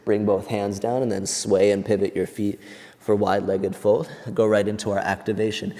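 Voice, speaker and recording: A man leads a yoga class as he works through the poses with his students, calmly counting each hold. He is out of breath from the effort. His voice is mellow and dark, with a long reverb trailing behind it. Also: lowish voice, normal speed. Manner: calm counting cues, moving along with the class. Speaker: yoga teacher.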